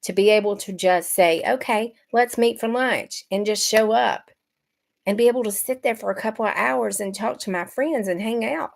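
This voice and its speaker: A woman's voice: medium pitch, moderate pace, vocal fry. A middle-aged woman from Georgia, chatting casually on a livestream and greeting viewers by name. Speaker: livestream host.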